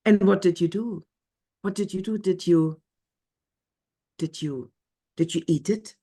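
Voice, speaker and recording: A woman's voice: on the low side, a little slow, warm tone. A woman storyteller voicing a stern young woman who tracks birds, talking in an urgent, scolding way. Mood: alarmed.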